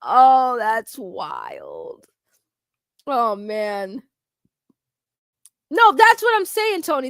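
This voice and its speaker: A woman doing casual YouTube commentary, animated and profane, laughing in disbelief. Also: high voice, no echo, clean studio sound.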